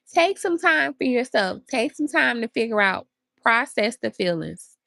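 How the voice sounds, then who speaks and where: A woman's voice: medium pitch, vocal fry, a bit bright, no echo. A woman hosting a podcast, giving earnest, encouraging advice straight to her listeners. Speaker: podcast host. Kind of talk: motivational talk.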